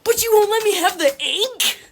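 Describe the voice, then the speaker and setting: A woman's voice: very high voice, expressive, moderate pace. A young woman ranting furiously while crying, swearing heavily and repeating herself. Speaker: printer owner venting on video. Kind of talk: angry crying rant.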